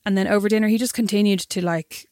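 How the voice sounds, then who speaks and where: A woman's voice: medium pitch, steady tone, fast talker, darkish tone, no room sound, clean studio sound. A young Irish woman, a podcast co-host, telling a story in casual chat and acting out the quotes.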